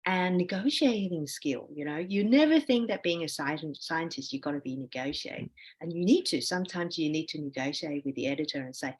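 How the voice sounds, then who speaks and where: Woman, professor, podcast guest, lower-pitched voice, reflective, advisory, conversational. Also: expressive, fairly quick, breathy edge. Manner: reflective, advisory, frequent "you know". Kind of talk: conversational interview answers.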